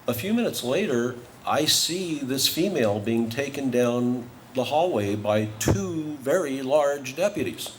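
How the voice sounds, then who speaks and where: A man's voice: mid-range voice, a little hiss or hum. A man giving a humorous acceptance speech, telling a comic story with careful timing. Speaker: award honoree giving a speech.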